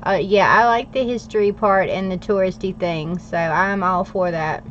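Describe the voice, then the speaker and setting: A woman's voice: mid-range voice, moderate pace, fairly bright tone. A woman from the United States chats casually with live viewers, laughing easily between remarks. Her voice sits in a middle register. The recording is slightly dull, with a faint hiss underneath. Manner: chatty, laughs often, talks while working. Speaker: planner livestream host.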